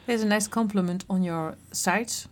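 A woman's voice: mid-range voice, normal speed. A woman with a Dutch accent, a host interviewing a guest in a friendly, hesitant way with many fillers.

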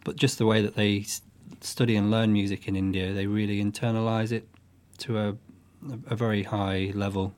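Low-voiced musician, halting. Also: male voice, level tone, a little mellow. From northwest England. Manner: thoughtful, halting, with restarts. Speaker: guest musician. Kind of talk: relaxed interview chat.

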